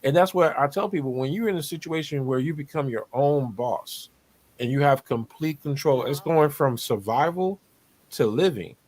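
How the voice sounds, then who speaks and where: A man's voice: a little high, moderate pace, a little mellow. A man, talking on a video call as a podcast co-host, preachy and motivational, repeating his points. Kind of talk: casual panel talk over video call.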